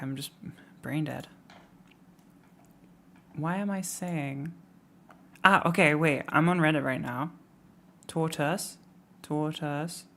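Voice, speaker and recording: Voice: medium pitch, a bit bright, slight background noise. Rambling English streamer from the Midlands. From Midlands, England. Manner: rambling, self-mocking, laughs often. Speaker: live streamer. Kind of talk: casual live-stream chat reacting to tips.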